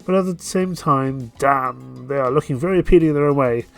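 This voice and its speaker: A man's voice: medium pitch, fairly quick, creaky, a bit bright, faint music behind. A man playing a dating game on stream, reading its narration aloud and dropping playful, jokey asides.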